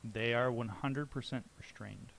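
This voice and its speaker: A man's voice: medium pitch, creaky, a bit bright. Man narrating as game master. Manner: descriptive, halting, with restarts.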